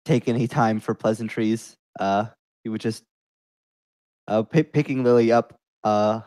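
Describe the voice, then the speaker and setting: A man's voice: fairly low pitch, unhurried, darkish tone, dry recording. A man playing a ranger in a tabletop game, earnest and hesitant. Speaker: player.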